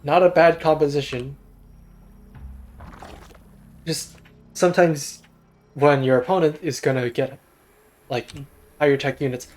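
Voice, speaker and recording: A man's voice: a little high, steady tone, unhurried, pauses often, darkish tone, soft background music. A young man giving casual, self-deprecating solo commentary on a strategy game replay. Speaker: game caster.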